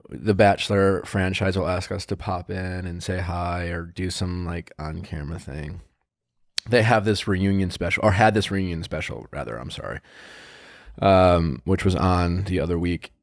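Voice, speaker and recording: A man's voice: deep voice, no echo. Guy hosting a podcast, rambly, lots of restarts, dry close mic. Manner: rambling, many restarts and fillers. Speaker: podcast host. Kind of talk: casual podcast chat.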